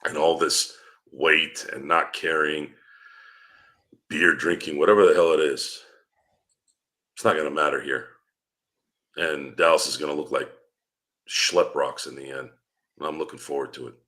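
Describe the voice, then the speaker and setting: A man's voice: a bass voice, steady tone, unhurried, long pauses, sharp tone. A man talking heatedly as a guest on a fan podcast, asking rhetorical questions and swearing freely. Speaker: guest commentator. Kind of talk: casual podcast chat.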